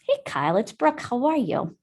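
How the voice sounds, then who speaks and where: A woman trainer talks a group through a lesson on a video call. Her voice sits a little high, and her delivery is upbeat. She keeps tossing "right?" back at her listeners. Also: sing-song, normal speed, a little mellow. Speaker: real estate trainer.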